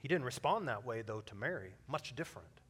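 A middle-aged man preaching a sermon as a pastor, earnest, moving from loud urging to soft, hushed lines. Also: mid-range voice, big pitch swings, fairly quick, husky.

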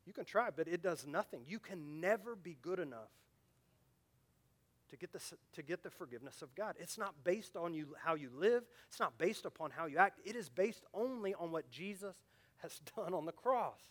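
High-voiced preacher, loud then hushed. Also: male voice, lively intonation, moderate pace. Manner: swings from loud urgent emphasis to quiet low asides; earnest, direct appeals to listeners. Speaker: pastor. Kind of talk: sermon.

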